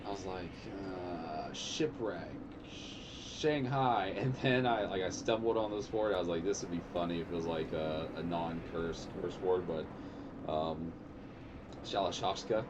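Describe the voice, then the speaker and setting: Deep-voiced guy streamer rambling and cussing over gameplay, noisy background. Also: measured pace. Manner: rambling, swears often, sudden high yelps. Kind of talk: casual gameplay chat.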